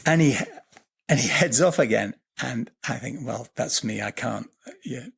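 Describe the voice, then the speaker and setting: A man tells a story as a podcast guest, his middle-pitched voice gravelly with a husky edge. He swears freely, circles back over his words and slows down to draw out the tense moments. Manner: vivid, swearing storyteller who repeats words and restarts. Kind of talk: animated storytelling in a podcast interview.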